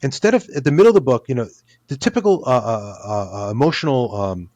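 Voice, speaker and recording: A man's voice: mid-range voice, expressive, fast, a little mellow, no room sound. A man, an author, talking casually in an interview, rambling with many restarts and fillers. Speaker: author guest.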